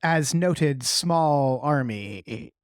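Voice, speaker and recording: A woman voicing an intimidating sorceress mother, speaking slowly and menacingly. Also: deep voice, lively intonation, dry recording, clean studio sound, heavily acted. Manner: slow and menacing.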